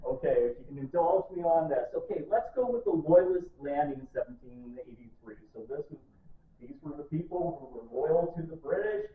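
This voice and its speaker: Guy, fairly high voice, joking history talk, sounds far off and tinny in an echoey room. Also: fairly quick. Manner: playful, joking, draws the audience in. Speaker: author giving a public history talk. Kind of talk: lively public lecture. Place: library event room, live audience.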